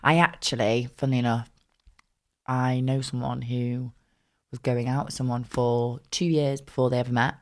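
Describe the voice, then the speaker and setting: A woman's voice: extremely low pitch, steady tone, moderate pace. A young woman from South Manchester with a Manchester accent that often slips into southern vowels, co-hosting a podcast in chatty, teasing banter. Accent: Manchester, often with southern English vowels. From South Manchester, England. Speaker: podcast co-host. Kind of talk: casual chat.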